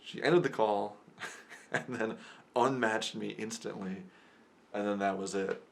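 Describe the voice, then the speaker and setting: Young man with a gravelly low voice. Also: steady tone, slow. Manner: rambling, chuckling, self-interrupting. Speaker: vlogger. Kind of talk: casual storytelling monologue.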